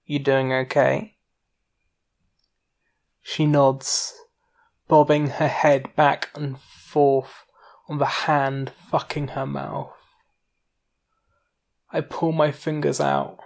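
A narrator reading a first-person erotic story in an unhurried, intimate way. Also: medium pitch, level tone, gravelly, darkish tone.

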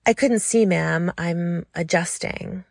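A woman's voice: on the low side, no echo, clean studio sound, heavily acted. A woman voicing a jumpy, eager young man. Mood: eager, nervous. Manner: hurried, breathy and deferential.

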